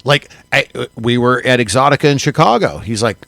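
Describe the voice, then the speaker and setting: Gravelly man, lively pitch, dry close sound, casual podcast host, halting restarts. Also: no echo. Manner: animated, halting restarts, laughs often. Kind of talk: casual chat.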